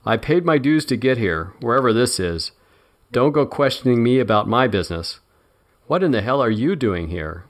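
A man's voice: medium pitch, lively intonation, moderate pace, pitched above the performer's own voice, close to an everyday voice. A man voicing a grumpy, battered male private detective. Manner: tight, grumpy.

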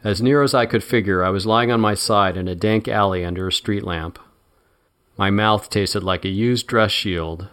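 Male narrator with a lowish voice for a first-person audiobook. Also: a bit bright.

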